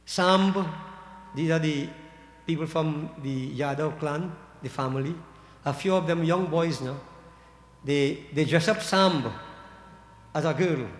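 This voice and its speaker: Brief: preacher, animated storytelling sermon, higher male voice, roomy echo. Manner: animated, addresses listeners as devotees. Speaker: pandit. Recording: echoey hall reverb.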